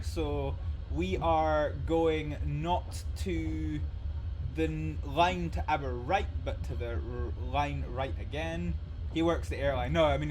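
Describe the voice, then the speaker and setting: A man's voice: on the high side, a little hiss or hum. A young Scottish man hosting a train simulator livestream, rambling casually through anecdotes with lots of swearing, fillers and laughter. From Scotland. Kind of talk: casual gaming commentary with anecdotes.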